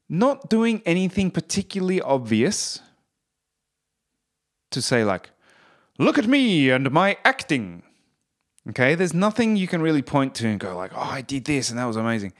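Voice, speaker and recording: A man and musician giving a casual, enthusiastic spoken review, rambling with fillers and restarts. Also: medium pitch.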